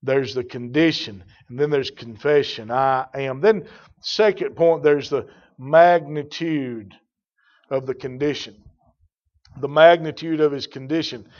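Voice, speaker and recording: An older man preaching a sermon in a folksy storytelling way, building to loud emphatic peaks. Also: medium pitch, measured pace. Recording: dull lo-fi sermon recording.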